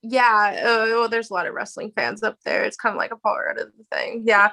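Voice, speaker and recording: A woman's voice: a little high, a little fast, bright, forceful tone. A woman who wrestles professionally, chatting as an interview guest in a blunt, casual way. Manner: blunt, swears casually, laughs easily.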